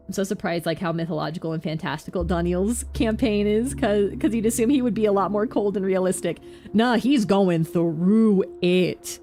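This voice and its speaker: A woman streamer giving casual, excitable commentary as she plays a game, thinking aloud in a chatty way. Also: mid-range voice, normal speed, faint music behind.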